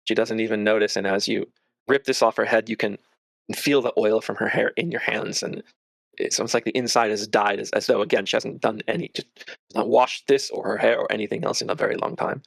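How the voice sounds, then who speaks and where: A male game master narrates a tabletop game in a loose, searching way. His voice is gravelly at a middle pitch. The sound is close and dry. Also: fairly even intonation, brisk, no room sound.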